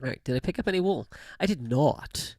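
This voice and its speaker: A game streamer talks casually into a close studio mic with a pop filter, the pitch bouncing widely from low to high. The voice has a gravelly, fried edge, and the sound is dry with no room around it. The talk rambles with fillers and restarts, broken up by frequent laughter. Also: lively intonation, brisk, a little mellow, no echo. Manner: rambling, many fillers and self-corrections; laughs often while talking. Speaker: gaming livestream host. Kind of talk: casual chat while livestreaming a game. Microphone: studio microphone with pop filter.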